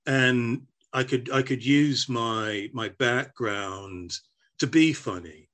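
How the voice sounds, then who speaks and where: Taking things slowly in a medium-pitched, fairly bright voice, an older former stand-up comedian reflects in an oral history interview, restarting frequently. He's half American and spent his upbringing on air force bases.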